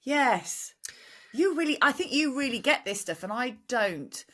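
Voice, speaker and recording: A woman's voice: high-pitched, measured pace. A woman co-hosting a podcast, chatting casually and laughing easily. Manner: laughs easily, bright and animated. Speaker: podcast co-host. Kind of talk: casual chat.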